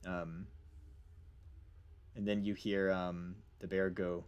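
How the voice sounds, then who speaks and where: A man's voice: sits low, little pitch movement, slow, pauses often, darkish tone, clear, resonant tone. A man narrating as game master in a casual, rambling way, with many fillers.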